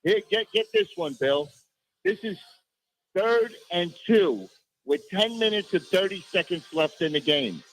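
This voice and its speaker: A man's voice: high-pitched, lively intonation, unhurried, a little hiss or hum, rough recording. A man calling in to a sports radio show, exasperated and repeating rhetorical questions. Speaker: caller. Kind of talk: phone-in rant.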